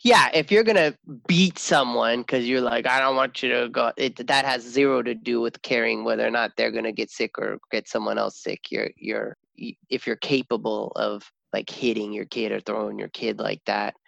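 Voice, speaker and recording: Chatty gravelly-voiced dad, rambling. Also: male voice, medium pitch, normal speed, hardly any pauses, no room sound. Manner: rambling, animated, laughs often, acts out his daughter's lines. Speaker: father, co-host. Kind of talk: casual podcast chat.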